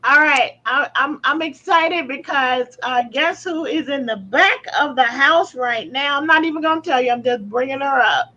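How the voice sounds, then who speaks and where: A woman's voice: high-pitched, normal speed, hardly any pauses, pushed and bright. Cheerful woman co-host, dull hissy audio. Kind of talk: casual live-stream chat. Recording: dull stream audio with hiss.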